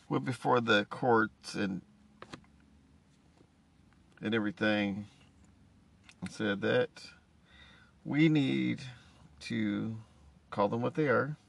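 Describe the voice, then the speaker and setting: Slow, gravelly-voiced man musing deadpan. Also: lowish voice. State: tired, yawning. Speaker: vlogger. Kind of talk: casual rambling monologue.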